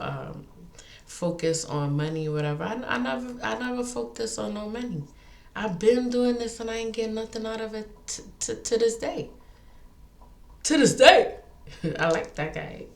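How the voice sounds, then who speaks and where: A woman talks straight to her viewers in a casual, feisty monologue, starting over mid-sentence as the story tumbles out. Her voice sits a little low, and the room gives it a noticeable echo. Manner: animated, feisty, talks in bursts with restarts. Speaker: vlogger.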